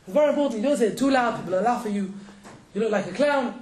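High-voiced guy rattling through a class, quick jokes, echoey room. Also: expressive, a crowd in the background. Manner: quick, joking, laughs between points. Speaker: rabbi teaching a class. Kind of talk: casual Torah lesson.

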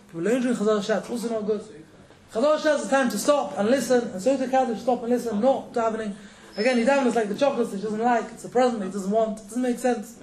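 Fast-talking high-voiced man teaching. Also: a little mellow, reverberant, rough recording. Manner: quick, joking, laughs between points. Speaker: rabbi teaching a class. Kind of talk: casual Torah lesson.

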